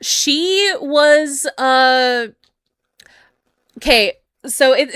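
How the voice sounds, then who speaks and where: Woman host from Canada, smooth mid voice, rambly, dry call audio. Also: on the high side, fairly bright tone, no echo. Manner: rambling, many fillers. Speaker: podcast host. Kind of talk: casual chat over a call.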